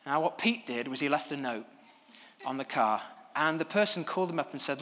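A man preaching a sermon from a church stage, telling stories at his own expense in a lively way. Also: on the high side, brisk, big-room sound. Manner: animated, self-deprecating storytelling.

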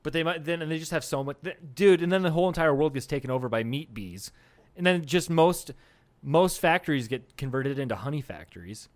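A man's voice: fairly high pitch, lively intonation, a little fast. Profane, laughing young male podcast host. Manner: profane, riffing, laughs often. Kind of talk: casual comedic chat.

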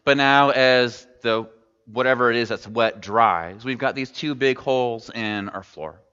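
A pastor preaches a sermon in a church sanctuary, speaking conversationally and asking the congregation questions. His medium-pitched voice is unhurried, pushed and bright yet smooth. The sound is dull, captured in a large reverberant hall.

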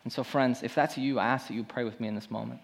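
A male pastor preaching a sermon in a conversational way, swinging between loud emphasis and hushed moments. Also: medium pitch, steady tone, fast, creaky, in a large hall.

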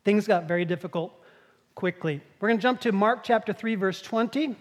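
A woman preaching a sermon, telling Bible stories in a lively way and acting out the quoted lines. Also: mid-range voice, brisk.

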